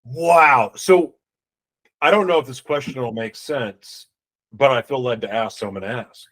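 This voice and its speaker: A male podcast host asking his guest questions in a slow, deliberate way. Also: medium pitch, a bit bright, rough recording. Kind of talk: interview questions.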